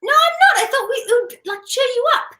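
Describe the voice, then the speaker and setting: A woman's voice: very high-pitched, lively intonation, normal speed, pushed and bright, roomy sound. A young woman hosting a children's show, talking in a patient, upbeat and coaxing way with a few restarts.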